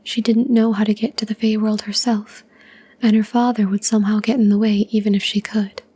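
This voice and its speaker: A woman reading a short story aloud in a soft, even ASMR whisper. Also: medium pitch, fairly quick, breathy edge.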